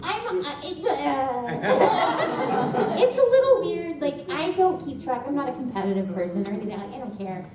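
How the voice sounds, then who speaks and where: A woman's voice: high-pitched, normal speed, hardly any pauses. A woman from Texas, a voice actor on a convention panel, telling stories with a lot of laughter. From Texas, USA. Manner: animated, laughing storyteller. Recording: echoey convention hall, distant mic, noise.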